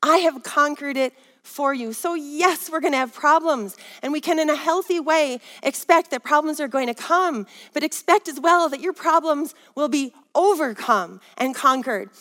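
A woman's voice: sits high, moderate pace, a bit bright. A woman teaching a Bible lesson as a sermon, rousing and urging her listeners to respond. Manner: rousing, calls for audience response. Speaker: women's Bible study teacher. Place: Minnesota. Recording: long hall reverb.

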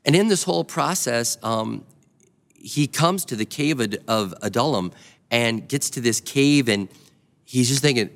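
A man's voice: medium pitch, expressive, measured pace. A male pastor preaching a sermon in a nearly empty building, earnestly urging his listeners to act. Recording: long hall reverb.

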